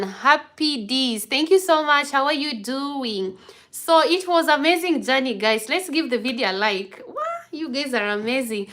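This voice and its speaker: A woman's voice: fairly high pitch, a bit bright. A young woman hosting a casual live stream from her phone, greeting and thanking viewers by name with an effusive manner. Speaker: vlog host doing a live stream. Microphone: phone camera.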